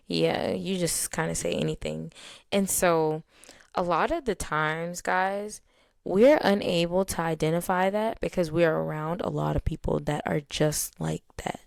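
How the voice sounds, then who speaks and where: Woman podcast host, gravelly low voice, dry close sound, candid and chatty. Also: unhurried, darkish tone, no echo. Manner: candid, chatty, many fillers, laughs often. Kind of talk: casual personal talk to listeners.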